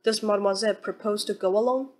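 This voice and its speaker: A woman's voice: medium pitch, fairly even intonation, quick pace, darkish tone, close to an everyday voice. A woman voicing a stiff, proper male courier in an audiobook, speaking coolly and formally. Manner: frigid, formal.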